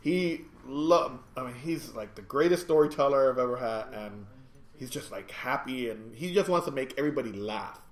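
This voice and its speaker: A man telling a rambling, animated story in casual chat, with frequent restarts. His voice sits at an ordinary middle pitch, and the recording is roomy and echoey, made inside his store. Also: moderate pace. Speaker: podcast host and store owner. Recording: echoey room.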